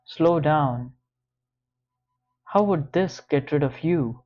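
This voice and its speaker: A man's voice: on the high side, slow, highs cut off. A man reading an audiobook, voicing a defensive young college woman in a raised, strained, urgent voice. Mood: pleading.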